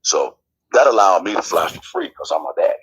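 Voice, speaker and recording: A man telling a personal family story as a guest, lively and acting out the quotes. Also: deep voice, brisk, slight background noise, low-quality recording.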